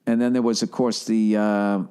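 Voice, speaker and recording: A man's voice: on the low side, level tone, moderate pace, warm tone, smooth. A man hosting a solo podcast in a rambling, profane monologue with sarcastic asides. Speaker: podcast host.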